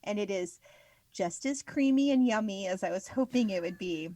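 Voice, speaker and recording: A woman co-hosting a casual podcast, bubbly and excitable, laughing often as she talks. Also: medium pitch, moderate pace, no echo. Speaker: podcast co-host.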